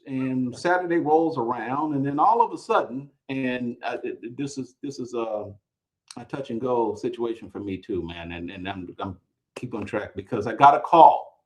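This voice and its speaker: A man hosting a live podcast, telling a long story with energy, often repeating words and rising in pitch when excited. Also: rough recording. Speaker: podcast host.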